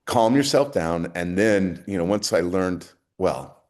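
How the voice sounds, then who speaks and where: A man's voice: sits low, animated, unhurried, a little mellow. A middle-aged man, a podcast guest, talking earnestly and reflectively about what he has learned. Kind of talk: casual interview talk.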